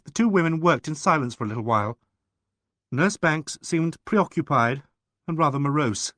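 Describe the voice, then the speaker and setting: A man reading a mystery audiobook aloud in an expressive, animated narration. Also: a little high, moderate pace, dry recording, clean studio sound.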